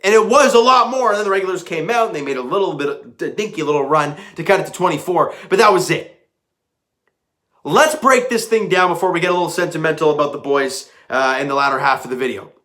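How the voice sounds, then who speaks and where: A man with a high-pitched, bright voice breaks down a basketball game for his channel. He talks like a die-hard fan, emphatic and conversational, punching key numbers and asking his viewers questions. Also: lively intonation, fast. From Canada. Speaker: sports fan commentator. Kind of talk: casual post-game recap.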